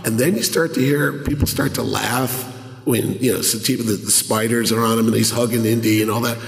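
Man, middle-aged, animated storyteller, convention panel, handheld mic, long hall reverb. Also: medium pitch, a little fast, gravelly. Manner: animated storyteller acting out voices. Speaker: podcast panelist. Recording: echoey hall, roomy reverb.

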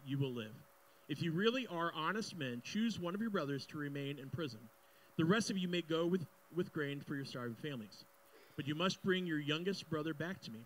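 A young male pastor delivers a sermon, reading a scripture passage aloud. Between readings he drops into casual, joking asides with the congregation. His voice sits a little on the high side. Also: fairly bright tone, a little hiss or hum, low-quality recording.

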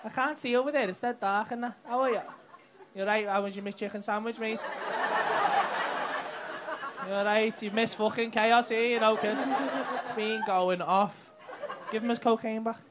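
A man's voice: high-pitched, fairly even intonation, moderate pace, long pauses. A man doing cheeky, sweary crowd work on stage at a comedy club. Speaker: stand-up comedian. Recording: live club recording with crowd noise. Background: loud audience laughter.

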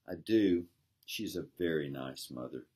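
A man's voice: very deep voice, lively intonation, unhurried, a little mellow, breathy edge, heavily acted. A man voicing a sad, earnest little chimney-sweep boy in a read-aloud story. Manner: earnest, tearful.

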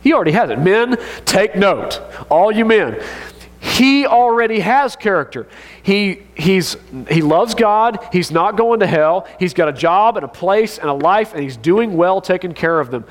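Pastor, male, higher-pitched voice, lively joking sermon delivery, long hall reverb. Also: measured pace. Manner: animated, joking, conversational.

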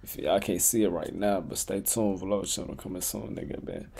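A man's voice: sits low, moderate pace, gravelly, dark tone, slightly rough. A man reacting to a video as a streamer, laid-back and slangy, laughing as he comments.

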